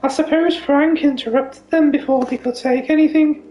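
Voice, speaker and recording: A woman voicing a posh grieving widow, speaking in a prim, measured way, in an echoey room. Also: fairly even intonation, highs cut off, close to an everyday voice. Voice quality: posh, high put-on voice.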